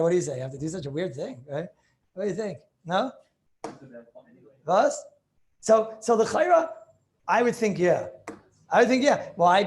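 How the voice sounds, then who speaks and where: A man teaching a class as a rabbi, lecturing on religious law, emphatic and thinking aloud as he questions his students over a video call. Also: high voice.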